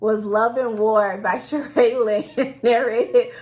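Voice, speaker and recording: A woman co-hosting a relaxed audiobook chat, her voice sitting a little high. She gushes with enthusiasm and laughs easily while she talks. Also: slow. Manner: enthusiastic, gushing, laughs often. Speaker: podcast co-host. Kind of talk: casual chat about audiobooks.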